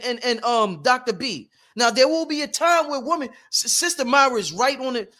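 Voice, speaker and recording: Man hosting; very high, pushy, swears freely, circles back to his point. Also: bright, forceful tone. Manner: emphatic, profane, repetitive. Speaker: host. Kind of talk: animated workshop talk.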